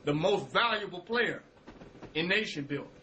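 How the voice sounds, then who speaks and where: A man speaks with a high, bright, cutting voice, delivering a motivational spiritual talk in loose street slang. He quotes his own words, repeats phrases for weight and drops from forceful lines into hushed ones. A faint hiss runs under the recording. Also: animated, moderate pace, poor audio. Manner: preacherly, quotes himself, repeats phrases, swings from loud to hushed; casual street slang, curses.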